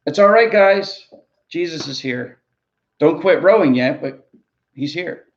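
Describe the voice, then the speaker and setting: A man's voice: a little high, lively intonation, unhurried, dull audio. A man, a ministry pastor, preaching a sermon in an earnest, conversational way, often repeating words as he goes.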